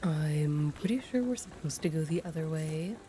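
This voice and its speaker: Low, mellow woman chatting over gameplay. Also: lively intonation, moderate pace, faint music behind. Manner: chatty, offhand. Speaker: gamer streamer. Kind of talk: casual gameplay commentary.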